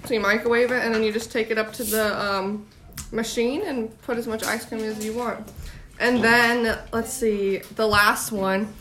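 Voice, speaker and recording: A woman's voice: on the high side, steady tone, normal speed. A young woman hosting a casual podcast, chatting and explaining things step by step. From United States. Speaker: podcast host. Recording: noisy amateur recording.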